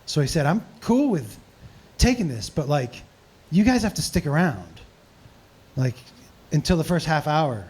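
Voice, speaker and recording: A male comedian telling profane stories at a live Q&A, animated and laughing often. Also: fairly high pitch, unhurried. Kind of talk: storytelling in a live Q&A.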